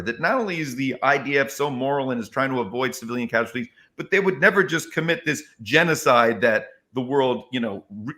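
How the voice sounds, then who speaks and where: A male comedian speaking as an interview guest, telling stories with emphatic, expressive delivery. He acts out other people's words as he goes, in a mid-pitched voice. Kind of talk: animated interview storytelling.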